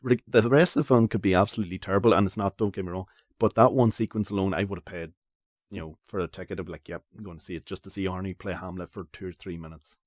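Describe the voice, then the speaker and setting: A man's voice: low voice, fairly even intonation, quick pace, no echo, clean studio sound. A man with a Northern Irish accent, a guest on a film podcast, chatting eagerly about movies. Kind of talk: casual film review chat.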